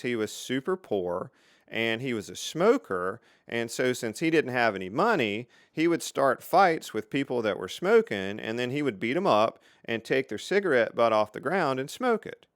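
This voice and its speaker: A middle-aged man hosting his own channel, telling stories from his engineering career in a casual, lively way. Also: medium pitch, no room sound, studio quality. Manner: lively, animated storyteller with dramatic pauses. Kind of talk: casual storytelling to camera.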